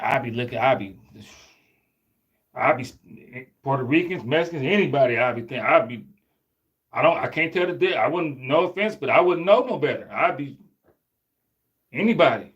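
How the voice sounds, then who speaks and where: A man in casual street talk, animated, acting out exchanges in shifting voices. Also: mid-range voice, moderate pace, pauses often, highs cut off. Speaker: street commentator.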